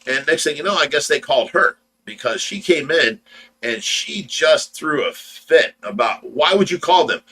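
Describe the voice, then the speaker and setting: A man's voice: on the high side, animated, normal speed, gravelly, sharp tone, breathy edge, low-quality recording. A man from Ohio casually telling a long story on a livestream, rambling and repeating words as he acts out the dialogue. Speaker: livestream host.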